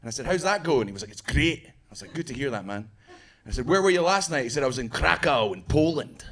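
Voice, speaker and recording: A man's voice: medium pitch, quick pace. A Scottish man performing a stand-up comedy set on stage, telling stories and acting out the people in them. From Scotland. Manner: animated storytelling, acts out characters. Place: comedy club stage before a live audience. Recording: live club crowd laughing. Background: audience laughter.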